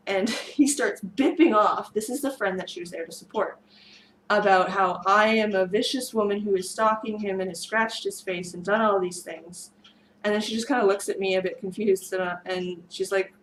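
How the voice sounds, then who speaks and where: A woman whose voice is strained and fraying tells a long storytime to camera. She rambles, circles back and fills pauses with ums, at an ordinary mid pitch. A faint hiss sits under the recording. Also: rough recording. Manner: rambling, many fillers and restarts. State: losing her voice. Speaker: vlogger. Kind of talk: storytime monologue.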